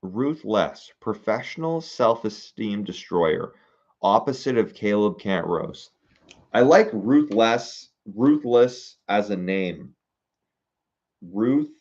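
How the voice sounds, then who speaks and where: Low-voiced young man musing aloud, lo-fi. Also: expressive, slow pace, a little mellow. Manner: thinking aloud, musing and hesitant with fillers. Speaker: content creator reading viewer suggestions. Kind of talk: casual livestream-style chat.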